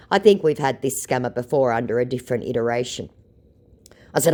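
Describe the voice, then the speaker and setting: A woman's voice: a bass voice, a little fast, darkish tone. A woman vlogger telling the story of her chats with scammers in a sarcastic, mocking way. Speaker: vlogger recounting scam chats. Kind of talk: casual storytelling.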